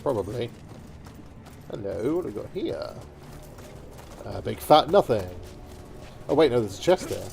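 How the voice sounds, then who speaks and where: A man's voice: medium pitch, sing-song, unhurried, vocal fry, pauses often, a little mellow. A man giving casual, jokey let's-play commentary with playful asides.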